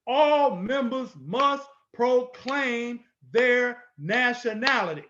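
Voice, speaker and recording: Man, higher-pitched, bold and confrontational instructor; dull lo-fi recording. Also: animated, takes it slowly, fairly bright tone, slight background noise. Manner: emphatic, repetitive, bold and confrontational. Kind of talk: lecture-style video walkthrough.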